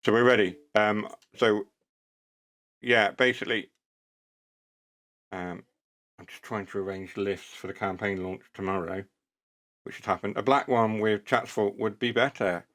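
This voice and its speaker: Chatty lower-voiced man. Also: unhurried, pauses often, a bit bright. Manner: chatty, rambling, self-deprecating. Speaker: live streamer. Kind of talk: casual live-stream chat.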